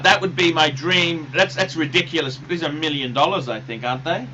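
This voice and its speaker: A man's voice: fairly high pitch, fairly quick, pushed and bright, a little hiss or hum, poor audio. A male livestream host chatting casually and answering viewer questions, enthusiastic and often repeating his words.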